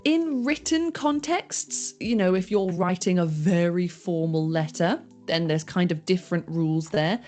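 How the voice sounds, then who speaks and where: A woman teaching informal English, explaining phrases clearly and acting out example sentences. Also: on the low side, a little slow, hardly any pauses, darkish tone, soft background music. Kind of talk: scripted language lesson.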